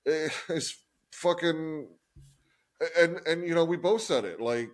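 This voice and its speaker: Hesitant, halting podcast co-host man. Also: fairly high pitch. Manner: hesitant, halting, many restarts and fillers. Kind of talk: casual wrestling podcast chat.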